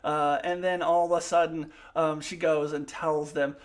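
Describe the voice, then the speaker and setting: A woman's voice: low voice, level tone, measured pace, hardly any pauses. A woman talks through her opinions of a TV episode in a solo review. She is emphatic and opinionated, rising sharply when annoyed. She stops often to restart sentences. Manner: frequent fillers and restarts.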